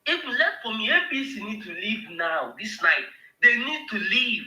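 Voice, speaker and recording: A man's voice: high voice, big pitch swings, moderate pace, sharp tone, reverberant, poor audio. A man with a Nigerian accent, speaking on a live show in an emotional, emphatic rant that repeats words when heated. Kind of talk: impassioned political rant.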